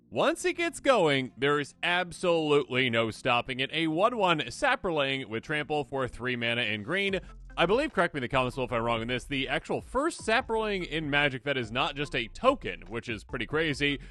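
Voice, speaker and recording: A man hosting a card game video, talking casually and excitably, slipping into quick imagined voices. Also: medium pitch. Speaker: host.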